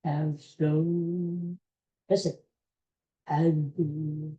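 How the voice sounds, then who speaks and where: A middle-aged woman talks on her own podcast in a slow, drawn-out way. Her voice sits low and sounds warm and relaxed. She rambles through stories with restarts and side remarks, and gives blunt opinions. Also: highs cut off. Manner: rambling storyteller with many restarts and asides; blunt sports fan opinions. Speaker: podcast host. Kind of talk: casual solo podcast chat.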